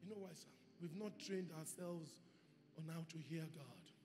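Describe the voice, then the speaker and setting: A male pastor preaching a sermon with emphatic delivery, rising to shouts and acting out quoted voices. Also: on the high side, moderate pace. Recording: reverberant hall with faint music.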